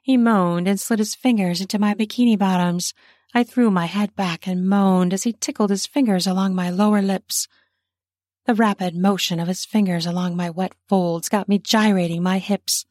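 A woman narrating an erotic story in the first person, soft and breathy, sometimes dropping to a whisper. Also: medium pitch, fairly even intonation, normal speed, no echo, studio quality.

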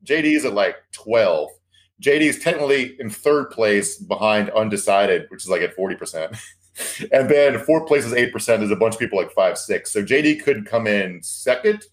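A man's voice: lowish voice, animated, moderate pace. A man co-hosting a podcast, rambling through stories in an amused way and laughing often. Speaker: podcast co-host. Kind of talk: casual chat.

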